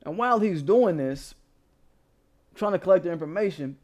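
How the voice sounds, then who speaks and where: A man hosting a casual commentary show, telling a story in a profane, animated way and laughing as he goes. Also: high voice, normal speed.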